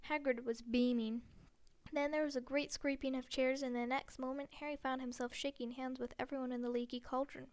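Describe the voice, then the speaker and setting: A woman's voice: high voice, flat delivery, a little fast. A woman reading a novel aloud, stumbling over and repeating words now and then. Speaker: reader.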